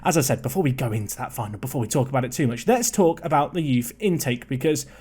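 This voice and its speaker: A young man giving casual, chatty commentary on a football management game, excitable and prone to rambling asides. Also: medium pitch, fast talker, breathy edge.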